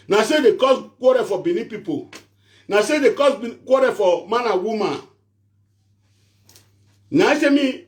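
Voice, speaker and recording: High-voiced Nigerian Pidgin ranting prophet. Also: male voice. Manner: preachy, repetitive, pleading. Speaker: social media prophet and show host. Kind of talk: animated rant to camera.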